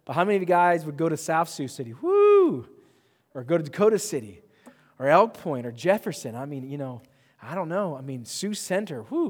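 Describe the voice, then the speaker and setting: A young man preaching a sermon, animated and joking, with self-mocking asides. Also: on the high side, big-room sound. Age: young adult. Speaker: pastor.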